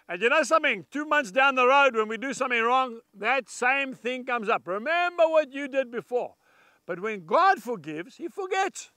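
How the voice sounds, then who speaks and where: Bright, high-voiced preacher man. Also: no echo, studio quality. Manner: earnest, folksy, emphatic, addresses viewers directly. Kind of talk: televised gospel message to viewers.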